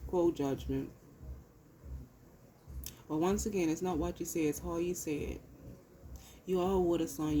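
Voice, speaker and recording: A woman's voice: low-pitched, warm tone, a little hiss or hum, rough recording. A woman giving a casual tarot reading into her phone, blunt and profane, hammering points home with repetition. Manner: blunt and profane, emphatic repeats. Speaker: tarot reader.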